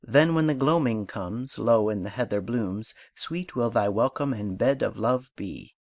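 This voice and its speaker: Dry, measured male audiobook reader. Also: fairly low pitch, a little mellow, no echo. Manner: measured, unhurried recitation of verse and instruction. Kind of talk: scripted audiobook narration.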